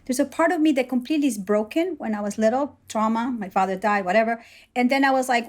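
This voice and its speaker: A woman's voice: fairly high pitch, fast, a little mellow. A woman guest in a conversation, reflecting and telling personal stories, often acting out what was said. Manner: reflective, storytelling, acts out dialogue. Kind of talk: conversational interview.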